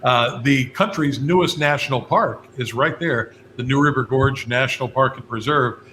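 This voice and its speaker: Guest: man from West Virginia, bright tone, folksy storyteller, faint noise underneath. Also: mid-range voice, normal speed. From West Virginia, USA. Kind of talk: radio interview chat.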